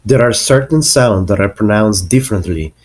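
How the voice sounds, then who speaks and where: A man narrating a lesson on English accents, explaining slowly and deliberately and spelling out example words. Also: fairly low pitch, lively intonation.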